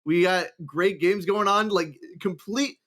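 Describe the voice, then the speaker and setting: A man with a fairly high voice calls a live esports card game. He talks in a chatty, excited way and hypes the coming match. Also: a little slow. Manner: chatty, hyping up the next game. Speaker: esports caster. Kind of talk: live play-by-play commentary.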